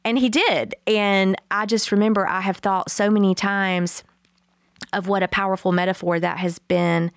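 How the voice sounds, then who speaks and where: A woman's voice: medium pitch, moderate pace, smooth, no echo, clean studio sound. A woman co-hosting a podcast, telling a story in casual chat and acting out the quotes with laughter. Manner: animated storyteller, acts out quotes, laughs often. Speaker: podcast co-host.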